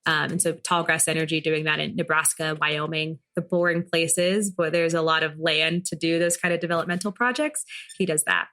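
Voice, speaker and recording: A woman's voice: low-pitched, steady tone, normal speed, fairly bright tone. A woman in her thirties, a business founder talking as a podcast guest in a chatty, playful way with plenty of fillers. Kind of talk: casual interview chat.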